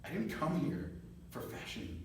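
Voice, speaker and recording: A man's voice: on the high side, a little slow, slight background noise. Laughing man telling a wild story. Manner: animated, laughs often, acts out quoted voices. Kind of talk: casual storytelling. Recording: echoey room from far off.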